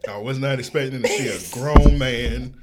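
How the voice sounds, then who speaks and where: A man's voice: mid-range voice, moderate pace, a crowd in the background. A man co-hosting a podcast, chatting loosely and laughing often between lines. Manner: laughing, loose banter with frequent "bro". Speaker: podcast co-host. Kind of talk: casual chat. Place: home studio.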